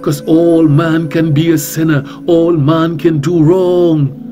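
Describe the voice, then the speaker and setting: A man with a Trinidadian accent preaching on talk radio in a somewhat high voice. He speaks boldly and emphatically, repeats phrases and asks one rhetorical question after another. Music plays clearly beneath him. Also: flat delivery, takes it slowly. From Trinidad and Tobago. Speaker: reverend and radio talk host.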